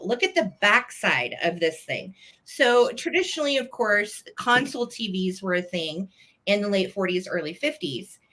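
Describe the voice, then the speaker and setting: A woman's voice: mid-range voice, pushed and bright. A woman with an American accent hosting a live online auction, gushing over each piece and counting down bids. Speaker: live-sale host.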